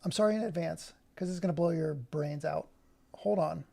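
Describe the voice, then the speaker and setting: Brief: male streamer, gravelly voice, rambling, keeps cutting himself off mid-thought. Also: on the high side, moderate pace, mellow. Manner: rambling, self-interrupting. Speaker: livestream host. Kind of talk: casual livestream chat.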